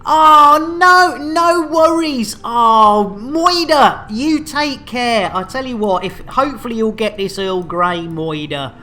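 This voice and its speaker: A man's voice: very high-pitched, lively intonation, slow pace, few pauses, bright, forceful tone. A man casually bantering while streaming a game, rambling and joking with laughs. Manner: jokey, rambling, laughs a lot.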